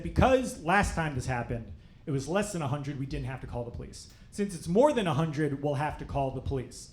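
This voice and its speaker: A young man doing stand-up, telling a story in a dry, wry, deadpan way to a live audience. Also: fairly high pitch. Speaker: stand-up comedian. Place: comedy club stage before a laughing audience. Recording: roomy live club sound, faint crowd noise.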